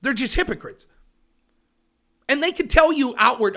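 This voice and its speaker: A man hosting a political livestream, talking in a sarcastic, animated way and mocking his opponents. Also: extremely high pitch, moderate pace. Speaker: host of a political talk show.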